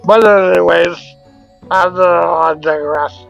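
A man's voice: high voice, slow pace, gravelly, fairly bright tone, dull audio, soft background music, heavily acted. A man voicing a crude, sleazy clown who rambles with constant swearing. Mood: rambling. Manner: profane, rambling, whiny.

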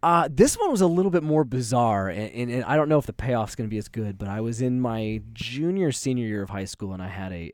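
A young man with a fairly low voice tells a long, meandering story on a podcast, peppering it with casual swearing and quick laughs. The sound is close and dry, with no room around it. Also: a little mellow, no echo. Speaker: podcast co-host.

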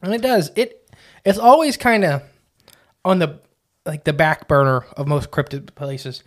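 A podcast co-host with a slightly high voice speaks a little slowly. His talk is chatty and rambling, packed with "uh" and "like."

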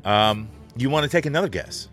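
A man co-hosting a casual podcast, telling profane, animated stories and laughing often. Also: mid-range voice, a little fast, faint music behind. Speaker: podcast co-host.

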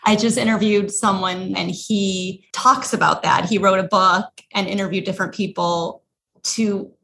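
A woman's voice: medium pitch, fairly even intonation, moderate pace, creaky, sharp tone, slight background noise. Earnest woman podcast host with faint ambience. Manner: earnest and affirming, responds with agreement. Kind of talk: warm conversational interview.

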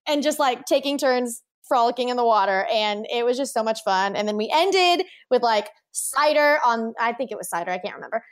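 Young woman, fairly high voice, bubbly, laughing often, casual storytelling, podcast guest. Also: animated, brisk, hardly any pauses. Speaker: podcast guest, wedding photographer.

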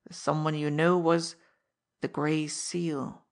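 A woman plays a contemptuous male gangster who snaps his words out. He leans hard on each point, slow and emphatic. The voice sits a little low. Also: flat delivery. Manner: clipped, sharp, slow and emphatic.

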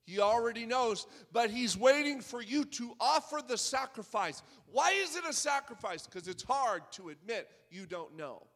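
A man's voice: extremely high pitch, expressive, moderate pace, hardly any pauses, fairly bright tone, big-room sound. A man preaching a sermon in a conversational way that builds to fervent crescendos. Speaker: pastor.

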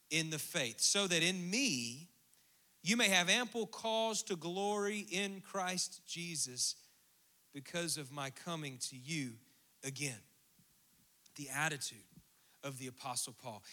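Animated high-voiced preacher. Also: male voice. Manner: animated preaching, dropping to near-whispers and rising to emphatic bursts. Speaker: pastor. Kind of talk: sermon.

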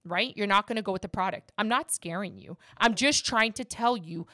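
A woman's voice: mid-range voice, fairly quick, pushed and bright. A woman who works as a mortgage agent and hosts a podcast, talking casually and emphatically about her work.

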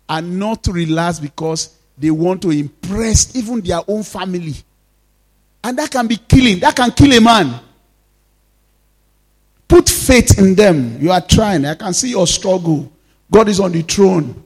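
A pastor preaching a sermon, swinging between loud exhortations and soft, intimate asides. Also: male voice, on the high side, moderate pace.

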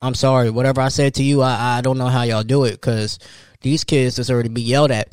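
A man, hosting a solo podcast and telling an animated story. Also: a little fast, smooth, dry recording, clean studio sound. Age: 30s. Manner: animated storytelling, jumps high for quoted voices. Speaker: podcast host.

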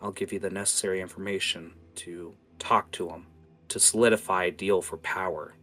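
A man's voice: sits low, fairly even intonation, brisk, sharp tone, faint music behind. A man voicing a scheming, sadistic info-broker woman. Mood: bargaining. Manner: silky, scheming, calls people dearie. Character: sly, sadistic woman who trades information.

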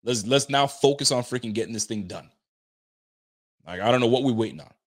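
A man hosting a casual sports talk show, speaking in an animated, slang-heavy way, answering chat comments and riffing on the roster. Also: mid-range voice, brisk. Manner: animated, slangy, talks straight to listeners. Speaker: sports podcast host.

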